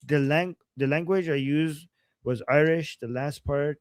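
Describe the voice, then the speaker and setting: A man's voice: a little high, unhurried, no room sound. A young man co-hosting a live stream, talking in a casual, rambling way with many restarts, whose first language is Persian. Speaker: co-host. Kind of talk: casual livestream chat.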